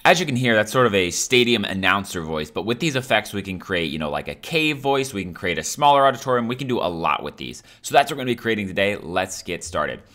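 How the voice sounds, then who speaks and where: A man hosting a software tutorial, explaining each step in a casual, upbeat way. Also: on the low side, sing-song, quick pace, few pauses. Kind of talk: screen-recorded software tutorial.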